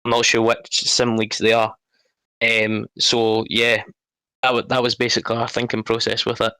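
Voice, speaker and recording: A man's voice: medium pitch, completely flat delivery, normal speed, bright, forceful tone, smooth, dry recording, low-quality recording. A man on a live draft panel, speaking as a team manager in a matter-of-fact way. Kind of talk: casual panel talk.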